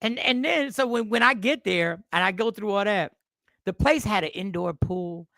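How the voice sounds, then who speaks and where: A man hosting a casual talk show, telling a personal story in an animated way, repeating himself. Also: high voice, normal speed, creaky, no echo, studio quality. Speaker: host.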